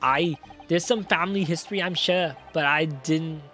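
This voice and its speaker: A man putting on a gruff Scottish old-timer. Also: on the high side, normal speed, sharp tone, soft background music. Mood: explaining. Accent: put-on Scottish. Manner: brusque, dismissive, broad dialect words. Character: gruff older Scottish man, defensive and evasive. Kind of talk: reading a game character aloud in a put-on voice.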